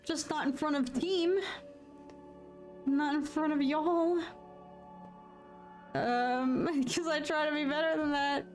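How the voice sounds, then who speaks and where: A woman's voice: high-pitched, steady tone, slow, long pauses, soft background music. A woman, chatting casually with her livestream viewers, laughing often and poking fun at herself. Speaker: livestream host.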